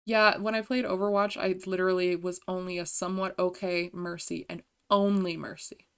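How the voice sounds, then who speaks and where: A woman's voice: on the low side, flat delivery, clear, resonant tone. A woman streamer chatting casually with viewers, giggly and self-deprecating, often trying out voice impressions. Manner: giggly, self-deprecating, slow and soft-spoken.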